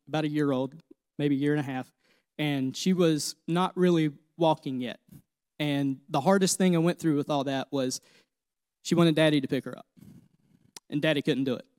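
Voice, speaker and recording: Thirty-something guy preaching, kinda high voice, super dry close sound, gets fired up telling his story. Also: no room sound. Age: 30s. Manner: personal testimony, grows emotional and louder. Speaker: pastor. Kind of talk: sermon. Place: church.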